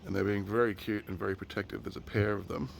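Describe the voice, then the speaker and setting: A fast-talking Australian man with fairly low pitch and vocal fry narrates a casual outdoor nature vlog for his nephews, set in a rural yard of bush and birds. Slight background noise can be heard. He gets enthusiastic and chatty, then hushes close to animals.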